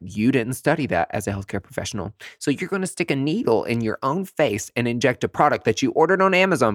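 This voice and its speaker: A man's voice: mid-range voice, no echo, clean studio sound. A man who works as a nurse injector, ranting to camera in a sassy, profane, dramatic way.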